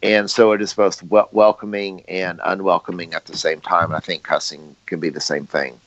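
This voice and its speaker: A man co-hosting a casual podcast, speaking haltingly with many restarts. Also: deep voice, flat delivery, fairly bright tone. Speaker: podcast co-host. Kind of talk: casual chat. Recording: dry, dull lo-fi audio.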